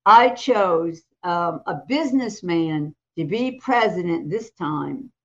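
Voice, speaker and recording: An American woman co-hosting a talk show, telling a story in a lively way, acting out the voices of the people in it and laughing often. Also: lowish voice, slow, highs cut off. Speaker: co-host and prophetic minister.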